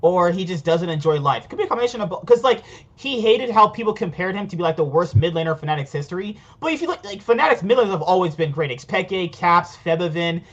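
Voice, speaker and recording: A young man co-hosting a podcast, talking excitably about players with lots of stammering and laughs. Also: high voice, fast talker, hardly any pauses, highs cut off. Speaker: podcast co-host. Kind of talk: casual esports chat.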